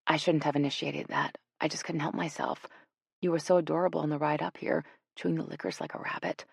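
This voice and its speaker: Tender young woman, hushed and fond, voiced by a female narrator. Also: low voice, steady tone, fast, gravelly, husky, no room sound, heavily acted. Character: soft-spoken affectionate young woman.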